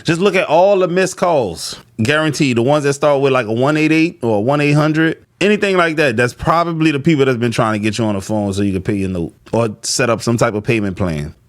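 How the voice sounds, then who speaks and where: A man's voice: mid-range voice, brisk, few pauses, no echo, studio quality. A man co-hosting a reaction video with blunt, slangy, mocking remarks. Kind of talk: casual reaction banter.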